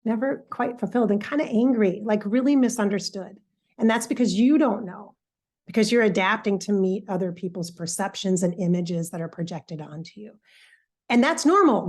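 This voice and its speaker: A woman, an intuitive coach, talking earnestly in a loose, repetitive monologue and acting out her own side of a chat with a friend. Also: a little high. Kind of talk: reflective casual monologue.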